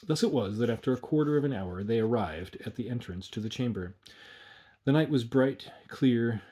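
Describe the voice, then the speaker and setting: Brief: husky male narrator, measured storybook reading, mid pitch. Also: expressive, dark tone, highs cut off.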